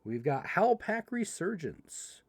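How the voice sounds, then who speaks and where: Animated man breaking card packs on stream. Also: sits high, no room sound. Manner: animated, reads card text quickly, playful asides to chat. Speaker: livestream host opening card packs. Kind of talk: casual livestream commentary.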